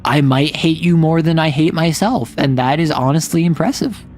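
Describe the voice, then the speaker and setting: A man voicing a chill but deeply resentful creature, speaking slowly in a flat deadpan. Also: a little hiss or hum, close to an everyday voice.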